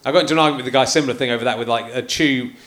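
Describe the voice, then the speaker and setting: Laughing podcast host on stage. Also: male voice, mid-range voice, very fast, fairly bright tone. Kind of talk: casual chat. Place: theatre stage.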